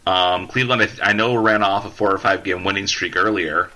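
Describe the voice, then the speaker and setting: Low, sharp-voiced male co-host. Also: steady tone, brisk. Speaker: podcast co-host. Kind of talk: casual sports chat.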